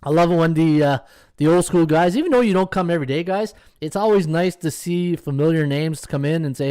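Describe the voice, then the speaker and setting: A man's voice: a little high, a little fast, a little mellow, clean tone, no room sound. Chatty man hosting a betting show. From Canada. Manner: chatty, greets viewers, many fillers. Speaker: sports betting podcast host. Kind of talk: casual live-stream chat.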